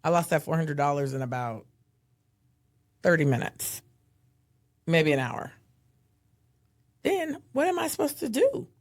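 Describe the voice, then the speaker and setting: A woman's voice: a little slow, pauses often. A woman in her thirties co-hosting a podcast, chatting casually and acting out quotes as she tells a story. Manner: animated storyteller, acts out quotes in a high voice. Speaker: podcast co-host. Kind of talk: casual chat.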